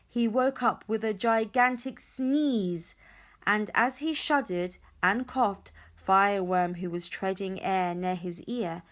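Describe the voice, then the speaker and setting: A woman narrates a children's adventure story in an expressive read-aloud style. She leans into the drama, swelling her voice at the exciting parts and easing off at the quiet ones. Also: mid-range voice. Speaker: audiobook reader.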